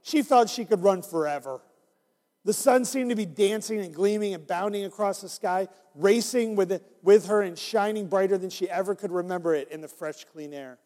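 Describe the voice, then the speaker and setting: A long hall reverb surrounds a man reading an interactive Bible story to the children he ministers to. His voice is high-pitched and moderately paced, and he animatedly encourages them to join in.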